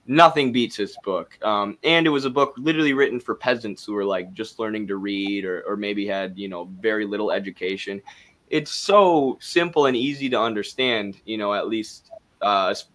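A man's voice: fairly low pitch, fairly bright tone. A man with a Wisconsin accent, co-hosting a casual discussion in a loose, chatty way full of fillers. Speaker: co-host.

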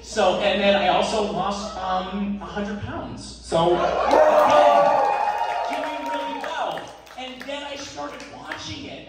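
This comedy host speaks slowly in a high voice with a steady tone, laughing as he rambles through self-deprecating lines on a live venue's stage. Heard through a distant mic in an echoey room, the recording carries a lot of noise.

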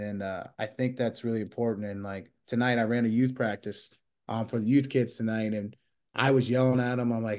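A man's voice: medium pitch, fast talker, a little mellow. A man in his thirties, a wrestler and coach, telling long rambling stories in a casual interview and acting out quoted dialogue. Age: 30s.

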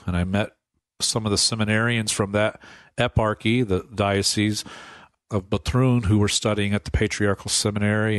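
A man, a priest, telling stories from his life in a relaxed radio interview, laughing often and acting out the voices of people he quotes. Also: on the low side, dry recording, clean studio sound. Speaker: priest guest. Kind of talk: casual storytelling interview.

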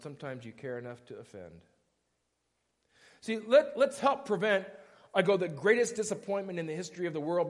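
A man's voice: high-pitched, fairly bright tone. A male pastor preaching a sermon in a conversational, emphatic way, often stopping to ask questions. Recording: echoey church hall.

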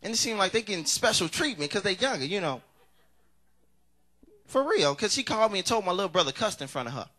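A young male stand-up comedian with a bright, forceful voice, a little congested. He chats with the crowd in a loose, teasing way. His voice sits slightly high for a man. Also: big pitch swings, quick pace, long pauses. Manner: conversational, teasing the audience.

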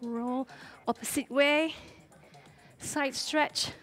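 High-voiced, breathless woman fitness coach. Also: fairly even intonation, very slow, fairly bright tone. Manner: encouraging, counts down and cheers on. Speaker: fitness instructor. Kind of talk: live workout coaching. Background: faint music.

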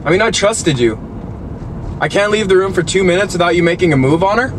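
A young man in a car giving his dog a deadpan, mock-betrayed scolding, as if she were a person. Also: high-pitched, fairly quick. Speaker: dog owner. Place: inside a parked car. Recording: noisy car interior.

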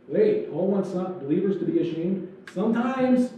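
A pastor preaches a sermon in a church sanctuary, loose and joking, with acted-out asides. His high, expressive voice moves at a moderate pace with few pauses. The mic is distant and dull, and the church hall echoes.

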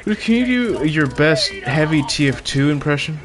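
A young man streaming a game with viewers, chatting casually, cursing often and shouting when excited. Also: on the high side, normal speed, a crowd in the background. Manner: profane, joking, bursts of excited shouting. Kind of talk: casual gaming livestream chat.

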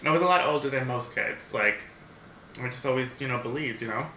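A man's voice: mid-range voice, a little fast, pushed and bright, slight background noise. A man of about thirty chatting casually on his vlog, telling stories with lots of fillers and restarts. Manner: rambling storyteller, many restarts and fillers. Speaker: mukbang vlogger. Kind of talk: casual chat. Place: home, seated eating at a table. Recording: roomy echo.

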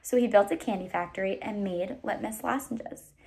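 A woman reading a children's novel aloud, pausing to explain words to listeners. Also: medium pitch, vocal fry, darkish tone. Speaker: reader.

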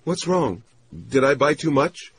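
A man's voice: a little high, measured pace, slight background noise, pitched above the performer's own voice. A man reading an audiobook, voicing an anxious, eager young woman in a raised voice, breathless and pleading.

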